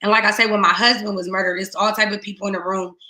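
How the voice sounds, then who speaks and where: Her voice is mid-range, bright and edged, as this middle-aged guest speaker rapidly recounts her personal loss with a flat delivery that carries through an echoing room. The tearful, raw testimony alternates between near-whispers and rising, sudden loud bursts.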